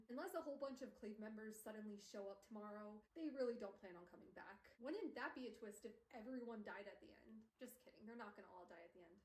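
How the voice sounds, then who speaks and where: A woman streamer casually recapping a book, chatty and full of "like" fillers, laughing often. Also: mid-range voice. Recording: roomy, distant mic.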